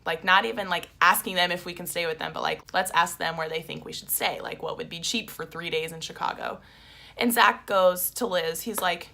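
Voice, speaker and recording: A woman's voice: lowish voice, gravelly, pushed and bright. A young woman telling a story in a casual vlog, chatty and openly emotional, with lots of "like". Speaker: vlogger.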